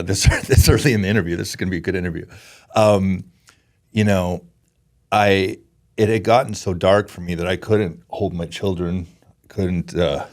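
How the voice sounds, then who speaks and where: A man's voice: sits low, darkish tone. A man in his forties from Canada, a podcast guest who speaks in an earnest, emotional way and often halts and restarts. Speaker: podcast guest, former pro hockey player. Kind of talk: candid interview talk.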